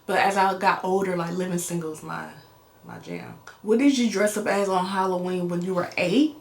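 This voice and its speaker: A young American woman chatting casually in a get-to-know-me vlog, animated and slangy, laughing as she tells stories. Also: lowish voice, normal speed, creaky. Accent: American English. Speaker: vlogger. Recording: roomy echo.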